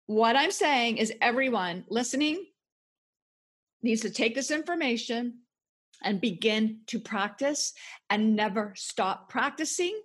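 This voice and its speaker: A woman's voice: on the high side, fairly bright tone, slightly rough. A woman guest author talking passionately and emphatically in a podcast interview. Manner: passionate, emphatic motivational talk.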